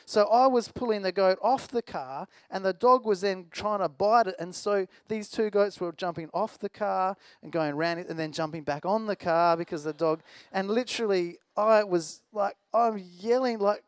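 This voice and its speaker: A man's voice: high voice, clear, resonant tone, dry recording. A man preaching a sermon in a conversational, storytelling way, with a self-deprecating personal anecdote.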